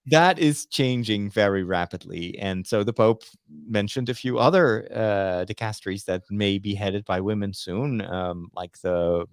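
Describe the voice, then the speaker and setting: A priest from the Netherlands, co-hosting a casual chat about church news, talking in a chatty, halting way with many fillers and restarts. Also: male voice, lowish voice, clean tone, dry recording, clean studio sound. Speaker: priest and co-host.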